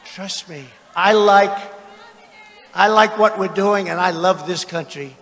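Older man shouting mockingly in an arena. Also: high-pitched, slow pace, over a noisy crowd, heavy background noise. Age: 70s. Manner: boastful, mocking, bursts into shouting. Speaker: politician speaking at a rally. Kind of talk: political rally speech. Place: large arena with crowd. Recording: arena with long reverb.

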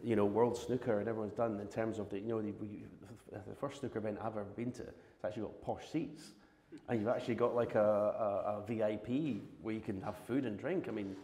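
A man's voice: on the low side, fairly even intonation, brisk, dark tone. A Scottish man in his fifties, a former snooker champion, telling rambling stories with restarts and laughs on a live podcast stage. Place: large arena in front of an audience. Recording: echoey live venue with long reverb.

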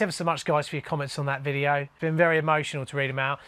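A man's voice: fairly high pitch, level tone, very fast, a bit bright, clean tone, no echo. A man hosting his plumbing channel, casually reading out viewer comments and joking with viewers he calls mate.

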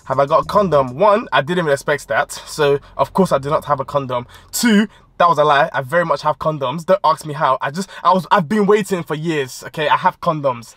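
A man's voice: brisk, hardly any pauses, dry recording, studio quality. A young man with a London accent, telling a funny personal story to camera and switching into voices for the people he quotes. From United Kingdom. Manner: animated, voices quoted people with big pitch jumps. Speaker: storytime vlogger. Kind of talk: comic storytelling.

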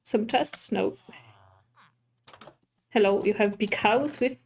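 Slow-talking woman narrating her gameplay. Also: mid-range voice, creaky. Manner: chatty, easily startled, talks to animals and villagers. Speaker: streamer. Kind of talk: casual gameplay commentary.

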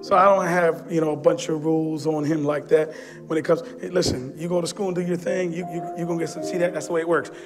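A middle-aged man preaching a fervent sermon in church, rising to shouts at the peaks. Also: a little high, steady tone, fast, music in the background. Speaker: pastor. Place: church sanctuary.

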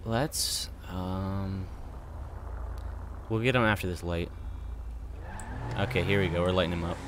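A man playing a corrupt cop in online game roleplay, barking orders, mocking, quiet aside commentary in between. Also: deep voice, fairly even intonation, unhurried, background noise. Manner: bossy, barking commands, mocking. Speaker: roleplay player as a police officer.

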